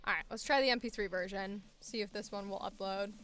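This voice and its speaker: A woman's voice: mid-range voice, fairly even intonation, brisk, fairly bright tone. A young woman voice actor chatting to herself casually while working, muttering at her computer and swearing now and then.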